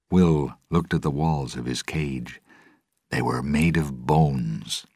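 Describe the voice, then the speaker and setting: A man narrating an audiobook of a simplified novel, slowly and expressively. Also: rumbling low, dry recording, studio quality. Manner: slow, clear, expressive. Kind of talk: audiobook narration of a graded reader.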